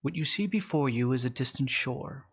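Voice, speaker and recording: A man voicing a calm male mystic who slowly guides someone into a trance, with a soft, soothing delivery over a dull, lo-fi mic. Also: medium pitch, slightly rough. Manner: soft, slow, soothing hypnotic guidance.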